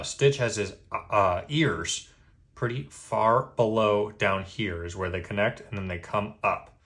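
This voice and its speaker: A man giving a step-by-step drawing lesson, patient and easygoing, checking in with a quick "okay?" after each step. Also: fairly low pitch, fairly bright tone. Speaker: drawing instructor.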